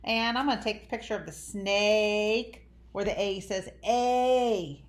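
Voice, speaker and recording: Animated woman teaching young kids. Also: medium pitch. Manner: animated, drawn-out sing-song teacher voice to young children. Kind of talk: children's phonics lesson. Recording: echoey room.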